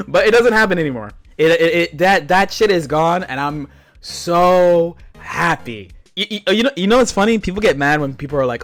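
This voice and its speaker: A man streaming, telling stories in animated, profane casual chat with frequent laughs. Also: high-pitched, moderate pace, soft background music. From United States. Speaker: streamer reacting to a video.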